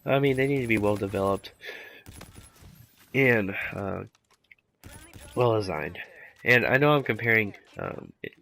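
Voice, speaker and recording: A man's voice: fairly low pitch, lively intonation, measured pace, gravelly, pauses often, bright, forceful tone. A man doing casual commentary over his gameplay while sick, rambling laid-back with lots of fillers. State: sick, rough voice. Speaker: gaming commentator.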